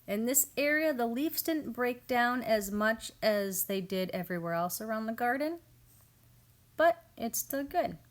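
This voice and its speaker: This family homestead vlogger is a woman in her thirties whose fairly high, expressive voice moves at a measured pace. Narrating a home garden video, she sounds casual, amused and chatty, frequently quoting members of her family.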